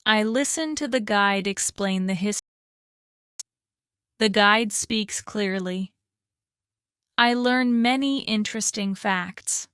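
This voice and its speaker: A woman hosting a podcast, reading a slow English lesson in short, careful sentences. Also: mid-range voice, a bit bright, clear, resonant tone, dry recording, clean studio sound. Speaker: podcast host and English teacher.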